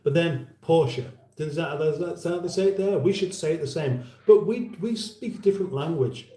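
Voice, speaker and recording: A man's voice: a little high, a little fast, dark tone, roomy sound. Chatty man on a livestream. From United Kingdom. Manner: chatty, rambling, reads out viewer comments. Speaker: livestream host. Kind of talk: casual livestream chat.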